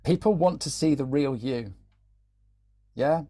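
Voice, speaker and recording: A man with a warm, medium-pitched voice speaks slowly while delivering a live online session on LinkedIn content as a social media trainer. His style is conversational, with frequent word repetition and regular "yeah?" check-ins.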